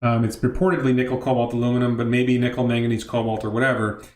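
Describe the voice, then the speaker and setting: A man's voice: mid-range voice, flat delivery, quick pace, a little mellow, echoey room. A middle-aged man hosting a casual livestream, rambling and cutting himself off as he reads viewer questions aloud. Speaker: livestream host. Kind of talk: casual livestream talk answering chat questions.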